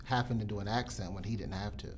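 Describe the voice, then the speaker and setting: A man's voice: on the low side, fast. A male interviewer asking questions in a playful, joking way. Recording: background noise.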